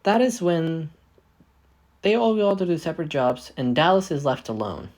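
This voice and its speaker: A man's voice: a little high, very animated, normal speed, a little mellow. A man casually improvising a fan fiction story, often correcting himself as he goes. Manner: rambling, self-correcting. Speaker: fanfic storyteller.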